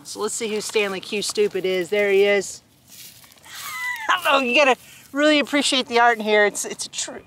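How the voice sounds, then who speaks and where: A woman's voice: mid-range voice, a bit bright, a little hiss or hum. A woman reading a picture book aloud outdoors on a farm, chatting in giggly asides between the pages. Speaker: storytime reader on a farm. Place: outdoors on a farm by a hay bale with animals.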